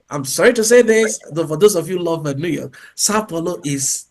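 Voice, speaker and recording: A man's voice: fairly high pitch, lively intonation, a little fast, hardly any pauses, darkish tone, slight background noise. A man speaking as a guest in an interview, talking emphatically and peppering his answers with "you know" and "okay". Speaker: guest speaker, English teacher.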